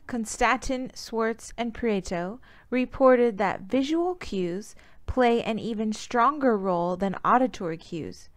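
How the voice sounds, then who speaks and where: A young woman giving a student presentation, reading formal points and citations in a steady way. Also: on the high side. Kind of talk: reading a prepared class presentation.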